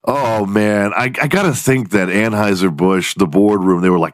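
A man's voice: on the low side, moderate pace, hardly any pauses, dry recording. A man hosting a podcast, ranting casually with lots of swearing and sarcasm. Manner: profane, animated, sarcastic. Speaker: podcast host. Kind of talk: casual comedic rant.

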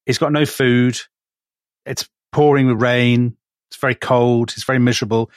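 A man co-hosts a podcast and tells history in a lively, teasing way. His voice sits at a middling pitch. He is heard up close, dry, with no room sound around him. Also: normal speed, no room sound. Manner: chatty, teasing storyteller. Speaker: podcast co-host. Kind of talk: casual history chat.

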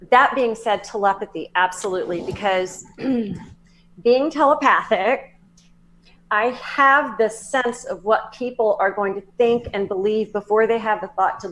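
A woman with a Southern accent, a psychic medium talking as a guest in an interview, animated and laughing, with many fillers and restarts. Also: medium pitch, unhurried. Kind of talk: casual interview talk.

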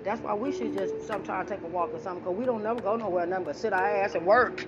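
A woman hosting a casual podcast chat, loud and teasing with profane banter. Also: medium pitch, fast, dull audio, loud music behind the voice. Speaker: podcast host.

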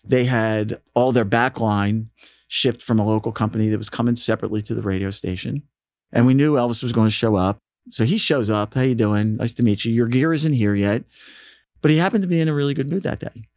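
The man's mid-range voice runs a little fast as he casually tells interview stories about working at a radio station, where he's a guest. He's animated, acting out quotes in a raised voice. The sound is clean studio audio without echo.

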